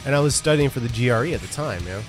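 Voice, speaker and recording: A man's voice: medium pitch, expressive, very fast, over music. A young man hosting a casual podcast chat, rambling and often stumbling over repeated words before getting his point out. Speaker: podcast host.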